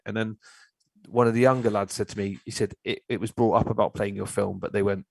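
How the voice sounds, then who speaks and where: A man's voice: on the low side, steady tone, fast, no room sound, poor audio. A man, telling a story in a blunt, ranting way as a filmmaker guest on a casual chat show. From Cornwall, England.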